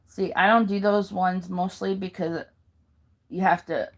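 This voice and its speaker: A woman reading handouts aloud in a careful, halting way, pausing and correcting herself now and then. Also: lowish voice, fairly even intonation. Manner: slow careful reading with pauses and self-corrections. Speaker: video maker.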